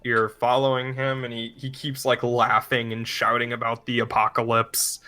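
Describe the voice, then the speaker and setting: A man's voice: mid-range voice, monotone, moderate pace, bright, forceful tone, faint music behind. A man narrating as game master of a tabletop game in a casual, easygoing way. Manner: casual, laughs often, uses fillers like 'like'.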